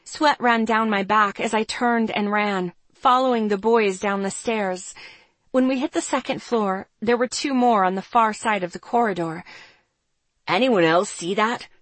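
A woman's voice: mid-range voice, moderate pace, no room sound. A woman reading a first-person story aloud in a tense, dramatic way. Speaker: narrator. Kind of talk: first-person audiobook narration.

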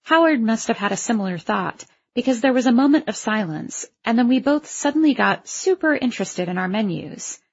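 A woman's voice: a little high, expressive, fairly quick, hardly any pauses, breathy edge, highs cut off. A woman narrating a first-person story aloud, in a wry, self-conscious voice. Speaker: audiobook narrator.

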